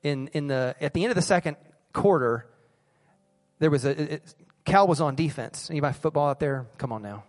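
A man's voice: on the high side, expressive, brisk, big-room sound, faint music behind. Earnest pleading male pastor. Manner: earnest, pleading, repeats phrases for emphasis. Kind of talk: sermon. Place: church service.

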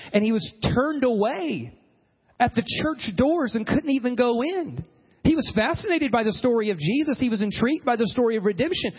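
Animated high-voiced preacher in a hall. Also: male voice, husky, muffled recording. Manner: animated preaching, acts out quoted voices, calls for amens. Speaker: pastor. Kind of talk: sermon.

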